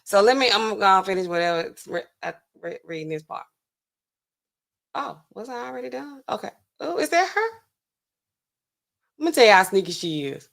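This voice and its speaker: A woman pharmacist hosting a casual reaction commentary, talking in a sassy, colloquial, animated way. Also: normal speed, creaky, pauses often. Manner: animated, sassy, colloquial, swings pitch for emphasis. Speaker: pharmacist host.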